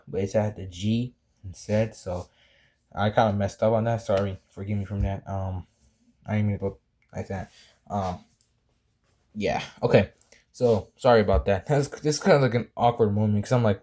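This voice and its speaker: A young man talks through a drawing tutorial in a relaxed, meandering way, with lots of ums and self-corrections. His voice sits a little low, with a warm, mellow tone. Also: moderate pace, long pauses. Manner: rambling, apologetic, many fillers and restarts. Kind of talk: casual drawing tutorial chat.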